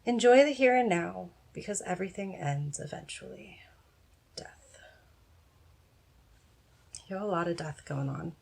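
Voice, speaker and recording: A woman's voice: on the low side, lively intonation, fairly quick, vocal fry, few pauses, darkish tone. A woman giving a casual, frank pick-a-card tarot reading, encouraging and swearing now and then. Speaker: tarot reader.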